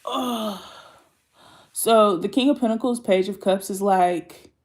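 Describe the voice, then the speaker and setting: A woman's voice: mid-range voice, normal speed, a little mellow. Woman, tarot reader, blunt, swears a lot, rambling, casual delivery.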